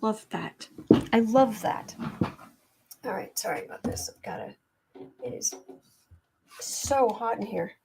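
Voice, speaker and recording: A woman's voice: medium pitch, slow pace, gravelly, long pauses, background noise. A woman hosting a casual live tarot stream, chatting with viewers and reading their comments aloud, hot and sweaty in a room at home. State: overheated and sweaty. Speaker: tarot reader and livestream host.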